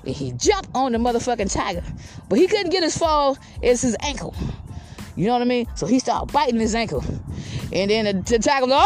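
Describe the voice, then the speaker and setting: High, animated woman, casual comic storyteller, rambles and swears freely. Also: a little fast, slight background noise. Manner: rambling, cusses, tags lines with filler questions.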